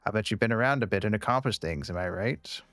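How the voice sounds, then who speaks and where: A man voicing a calm, courteous male scholar who speaks in a measured, lecturing way. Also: fairly low pitch, dry recording, soft background music.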